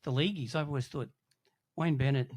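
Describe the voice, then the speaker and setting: A man in casual podcast chat, who talks thoughtfully and answers others with quick, agreeable affirmations. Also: mid-range voice, a little mellow.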